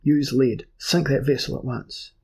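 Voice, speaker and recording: A man voicing a proud, frightened sorcerer earl who shouts orders in a raised, urgent voice, gravelly and husky. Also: medium pitch, a little slow. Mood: commanding.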